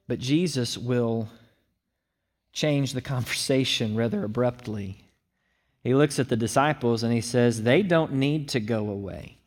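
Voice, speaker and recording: A man preaching a sermon, explaining a passage and acting out the speakers' lines with animation. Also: mid-range voice. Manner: animated, acts out the disciples' lines in a raised voice. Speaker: pastor.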